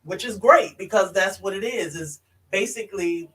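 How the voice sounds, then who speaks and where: A man co-hosting a casual live-stream chat, relaxed and easygoing as he reads viewer comments. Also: high-pitched, moderate pace, poor audio. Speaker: co-host reading viewer comments.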